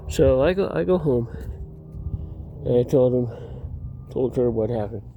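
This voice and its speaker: A man speaking outdoors in a deep, mellow, very dark voice, drifting from one personal story to the next. He talks slowly and loosely, restarting sentences and chuckling at his own anecdotes. Faint traffic hums in the background. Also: animated, dull audio. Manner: meandering, self-interrupting, laughs at own stories. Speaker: vlogger.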